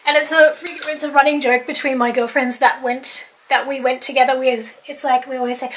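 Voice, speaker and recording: Her voice high and fairly bright with little pitch movement, a young Australian woman talks a little fast with few pauses. A home and lifestyle vlogger with an Australian accent, she casually and enthusiastically shows off her closet, full of "like" and "um".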